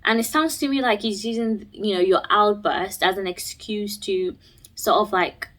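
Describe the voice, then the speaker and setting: A woman's voice: mid-range voice, moderate pace, fairly bright tone. Woman podcast host, casual and chatty, reads aloud then adds wry commentary.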